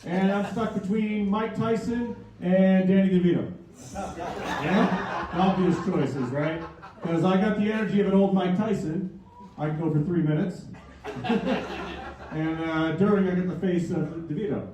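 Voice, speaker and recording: A man in his thirties from Canada delivers a rambling, self-deprecating stand-up set in a fairly high voice. He is picked up from a distance in a very echoey comedy club. Audience laughter rises around him. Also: a little slow, crowd noise. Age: 30s.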